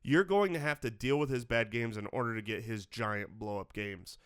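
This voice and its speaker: A man's voice: medium pitch, normal speed, fairly bright tone, smooth, no echo. Stammering man in dry sports chat. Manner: stammering restarts, earnest. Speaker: podcast co-host.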